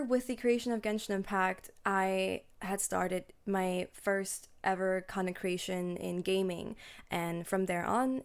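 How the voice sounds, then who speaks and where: A young woman in her twenties hosts her own podcast, thinking aloud in a chatty, reflective monologue. Her mid-pitched voice carries a steady gravelly fry, and she often restarts her sentences and fills them with "like.". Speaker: podcast host. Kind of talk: casual solo podcast monologue.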